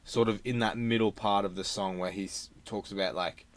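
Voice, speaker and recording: A man's voice: lowish voice, steady tone, a little fast. A young man co-hosting a podcast album review, talking hesitantly with many "um"s. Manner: hesitant, with frequent "um" and "uh" between thoughts. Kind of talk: casual podcast chat.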